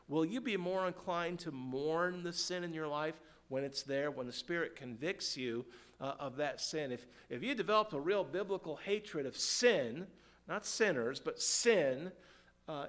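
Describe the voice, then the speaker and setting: Man, pastor, church sermon, slightly high voice, calls out to the congregation, quiet prayer to loud emphasis. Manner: preaches with call-and-response questions to the congregation; swings from quiet, slow prayerful passages to loud emphatic points.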